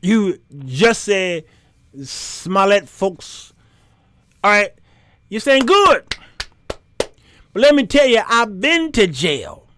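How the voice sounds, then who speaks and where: Animated man telling a jail story. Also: slow pace, long pauses, a little hiss or hum. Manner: animated, acts out voices in his stories, high squeaks for surprise. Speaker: host. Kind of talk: casual storytelling monologue.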